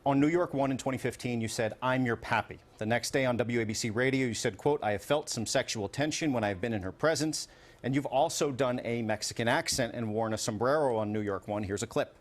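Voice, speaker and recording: A man moderating a televised debate, firm and businesslike, calling time and cutting in on candidates. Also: medium pitch. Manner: brisk, firm, keeps time.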